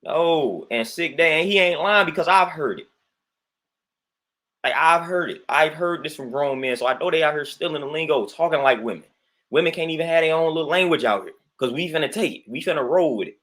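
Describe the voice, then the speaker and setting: A man's voice: fairly high pitch, lively intonation, brisk, fairly bright tone. Emphatic man ranting on a livestream. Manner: emphatic and repetitive, says "man" constantly; greets viewers in chat between points. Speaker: livestream host. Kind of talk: livestream rant.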